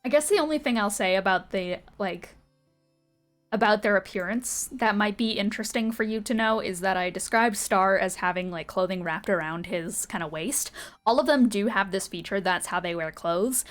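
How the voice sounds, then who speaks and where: A woman's voice: medium pitch, moderate pace, a bit bright, soft background music. A woman narrating as game master of a tabletop game in a casual, rambling way full of fillers.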